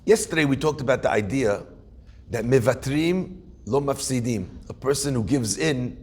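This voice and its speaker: Gravelly rabbi telling a story. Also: male voice, mid-range voice. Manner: animated storyteller, acts out characters, punchy asides. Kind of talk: sermon storytelling.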